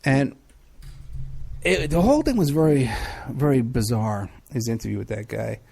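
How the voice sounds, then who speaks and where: A man's voice: mid-range voice, expressive, normal speed, gravelly, mellow, husky. A middle-aged man hosting a live show, chatting casually and rambling through questions from the chat with many fillers. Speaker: podcast host.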